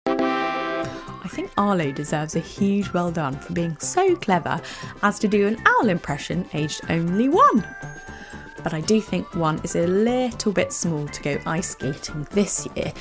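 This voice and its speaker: A woman with a British accent hosting a children's educational podcast, telling facts in a bright storytelling way. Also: on the low side, measured pace, music in the background. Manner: bright, animated, storytelling to kids. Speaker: podcast host.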